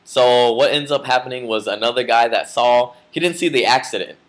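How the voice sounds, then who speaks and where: A man's voice: medium pitch, a little fast. A man casually telling a story to camera in a vlog, rambling with lots of fillers and restarts. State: just woke from a nap. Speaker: vlogger.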